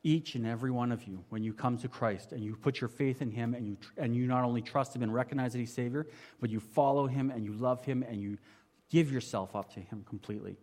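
A man preaching a sermon in a conversational way, asking the congregation rhetorical questions and moving between emphatic and quiet passages. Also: quick pace. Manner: swings from emphatic to quiet and low. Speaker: pastor.

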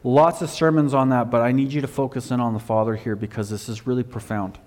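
A man preaching a sermon, telling a Bible story with animated emphasis, swinging from loud to quiet. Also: fast talker, in a large hall. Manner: animated storytelling, rising loud for emphasis then dropping low.

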